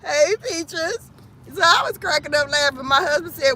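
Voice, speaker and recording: A woman's voice: high voice, normal speed, sharp tone. A middle-aged woman from Cleveland, Ohio, chatting casually and cursing freely with viewers on a phone livestream from inside a car. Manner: chatty, profane, laughs often, talks to viewers. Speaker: livestream host. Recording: car and wind noise.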